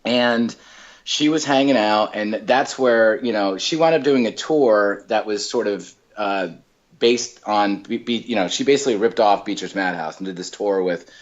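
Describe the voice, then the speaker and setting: A male comedian telling stories in a casual chat, talking in quick bursts with lots of fillers and restarts. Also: fairly low pitch, highs cut off. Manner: animated storyteller, many fillers and restarts. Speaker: comedian guest.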